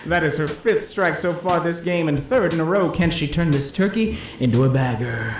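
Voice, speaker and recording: A brash announcer calls strikes at a 1950s bowling alley, played by an actor in a radio play. The voice sits mid-range with excitable play-by-play patter. The recording has a roomy echo and clear background noise. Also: mid-range voice, normal speed, natural voice. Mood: excited. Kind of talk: 1950s radio drama acting.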